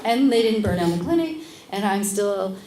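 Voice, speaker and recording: A middle-aged woman, a midwife being interviewed, tells a story in a casual, animated way and acts out other people's lines. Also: medium pitch, normal speed. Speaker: guest, midwife. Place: event space at a lunch gathering. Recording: echoey room with background noise.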